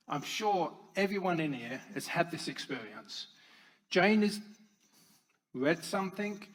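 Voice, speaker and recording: Man, conference speaker, public talk, slightly high voice, loud-and-soft storytelling. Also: a little hiss or hum, low-quality recording. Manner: storytelling with swings between loud emphasis and soft quiet lines.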